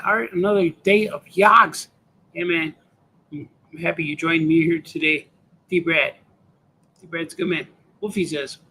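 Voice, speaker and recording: Gravelly man muttering while he draws. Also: on the high side, pushed and bright, slight background noise. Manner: mutters to himself, trails off, talks to viewers. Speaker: cartoonist livestreaming while drawing. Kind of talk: casual live-stream chat while drawing.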